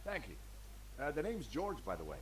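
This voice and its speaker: A man's voice: fairly high pitch, wildly swooping pitch, fairly quick, slight background noise, low-quality recording. An actor playing a curious, helpful male adventurer in a video game, mixing dry first-person narration with friendly questions.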